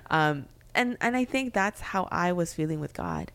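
A woman's voice: on the low side, animated, normal speed, fairly bright tone. A young woman co-hosting a faith podcast, talking candidly and reflectively, with frequent fillers and restarts. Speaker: podcast co-host.

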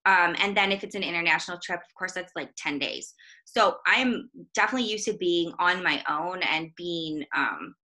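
Bright-voiced chatty woman. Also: lowish voice, normal speed. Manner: chatty, self-deprecating, laughs often. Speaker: guest, minister's wife and mother. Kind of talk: casual faith conversation.

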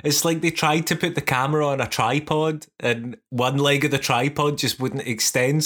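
A man's voice: mid-range voice, fairly even intonation, normal speed, hardly any pauses, a bit bright. A man casually reviewing a film in a wry, mocking way. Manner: wry, mocking, does silly voices. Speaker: podcast co-host. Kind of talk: casual movie review chat.

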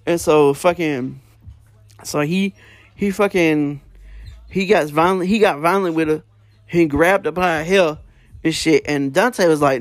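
A man's voice: on the high side, a little slow, long pauses, no echo. A man casually retelling prison stories, rambling with lots of fillers and slang. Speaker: storyteller.

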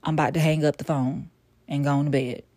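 A woman hosting her own podcast in a casual solo monologue, blunt and profane, swinging from weary sighs to sassy loud outbursts. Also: low-pitched, little pitch movement, fast talker, dry recording. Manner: blunt, profane and emphatic, with sudden loud bursts. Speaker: podcast host.

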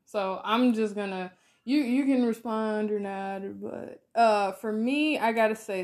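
A woman in her twenties co-hosting a podcast, chatting casually through a film review with lots of fillers and lively retelling. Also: mid-range voice, measured pace. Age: 20s. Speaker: podcast co-host.

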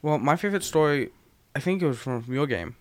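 A man's voice: a little high, lively intonation, brisk, no room sound. Man, casual chat, joking storyteller, game master, dry sound.

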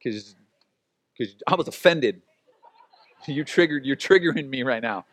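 A man's voice: mid-range voice, lively intonation, measured pace, a bit bright, dry recording. A man preaching as a pastor in a casual, conversational way, acting out quotes and laughing at his own stories. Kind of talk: sermon.

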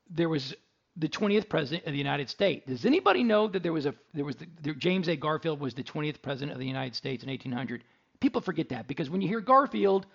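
A man's voice: on the high side, vocal fry, lo-fi sound. A middle-aged man, hosting a radio show in a chatty, jokey storytelling way. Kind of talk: casual radio talk and ad read.

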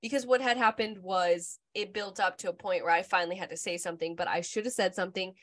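A woman's voice: mid-range voice, fairly even intonation, fast, fairly bright tone, no room sound, studio quality. A woman in her thirties co-hosting a podcast, telling stories in a candid, rambling casual chat full of "like". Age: 30s. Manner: candid, rambling storytelling with frequent "like". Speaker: podcast co-host.

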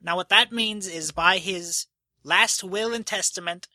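A fussy, anxious official stammers through his grand announcement, his voice pitched high and sharp, as a man acts him out. The sound is dry and close. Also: a little slow, no echo, heavily acted. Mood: nervous, announcing. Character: nervous fussy male estate official reading a will.

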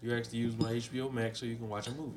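A man's voice: medium pitch, level tone, rapid-fire, soft background music. A man in casual chat, teasing his friends.

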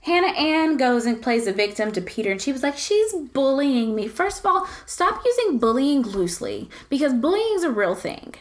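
Young female co-host, high-pitched, animated storyteller, casual and profane. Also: brisk, hardly any pauses. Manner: animated storytelling, swears freely. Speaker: podcast co-host. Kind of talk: casual gossip chat.

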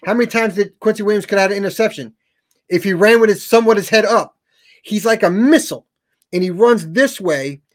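A man co-hosting a sports talk show, speaking in casual, animated chat. He tags his points with "right?" and repeats and restarts words. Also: high-pitched.

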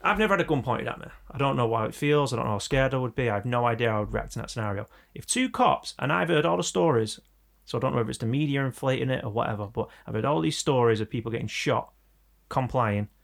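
Brief: English man, young, quick gravelly delivery, sweary storyteller. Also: medium pitch. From England. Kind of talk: casual chat.

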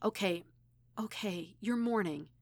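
A woman voicing a protective middle-aged aunt, sharp and scolding at times, tender at others, in an audiobook reading. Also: mid-range voice, measured pace, no room sound. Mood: soothing.

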